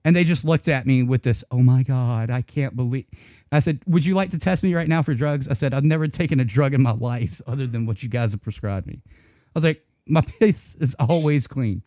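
Male co-host, animated profane storyteller, mid pitch, dry close mic. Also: a little fast, no room sound. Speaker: podcast co-host. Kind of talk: casual chat storytelling.

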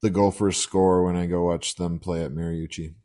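A man co-hosting a sports betting podcast, talking casually with many pauses and fillers. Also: low-pitched, level tone, mellow. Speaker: podcast co-host.

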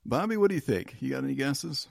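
Gravelly-voiced joking man hosting a podcast. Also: mid-range voice, expressive, quick pace, no echo, clean studio sound. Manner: jokey, laughs often, reads headlines. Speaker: podcast host. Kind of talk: casual podcast chat.

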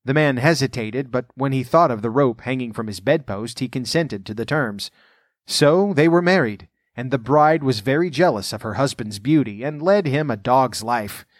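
A man reading a storybook aloud in a measured, even way, then adding his own commentary. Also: medium pitch, no room sound, clean studio sound.

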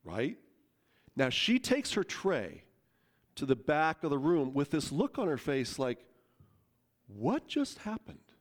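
A man preaching a sermon, telling a story in a lively, conversational way and acting out the quotes. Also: on the high side, unhurried. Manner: animated, conversational, acts out quotes. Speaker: pastor.

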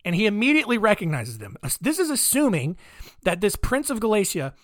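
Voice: medium pitch, huge pitch swings, fairly quick, no echo, studio quality. A comedy podcast host retelling saint stories in a sarcastic, rambling way, with many fillers.

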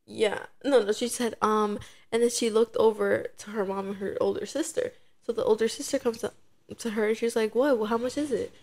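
A woman's voice: medium pitch, normal speed. A young woman in her twenties co-hosting a casual podcast chat, telling a story with lots of acted-out quotes. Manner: animated storytelling, acting out quoted voices. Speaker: podcast co-host.

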